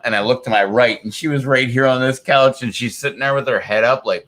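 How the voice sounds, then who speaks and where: A man's voice: medium pitch, brisk, few pauses, fairly bright tone. A man chatting casually on a live stream from his home, rambling through a story with lots of fillers. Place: home, indoors.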